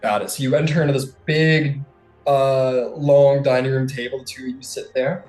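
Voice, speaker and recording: A man's voice: mid-range voice, steady tone, normal speed, a little mellow, roomy sound, faint music behind. A man narrating as game master in a casual, hesitant way, full of fillers and restarts. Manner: loose, hesitant, many fillers.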